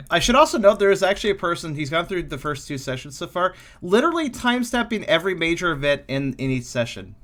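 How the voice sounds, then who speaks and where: A man's voice: fairly high pitch, very animated, fairly quick, fairly bright tone. A man playing in a tabletop game, chatting casually and laughing easily. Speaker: player. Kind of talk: casual chat.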